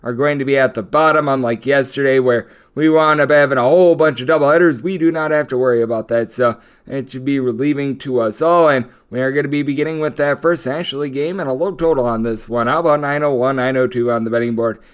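A man hosting a sports betting podcast, running through odds, lines and player stats in a steady stat-packed rundown. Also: medium pitch, fast, few pauses, clear, resonant tone. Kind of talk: solo sports betting analysis.

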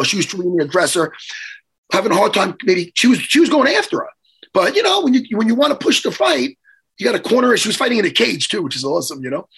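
Hoarse, animated man telling a story. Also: high voice. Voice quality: hoarse, worn voice. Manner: animated, profane, acts out quotes. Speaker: podcast host. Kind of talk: casual storytelling chat.

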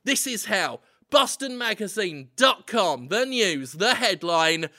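Bright high-voiced man joking as host. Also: big pitch swings, slow pace, hardly any pauses. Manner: playful, profane, mock-grandiose. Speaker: podcast host. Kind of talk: comedic banter.

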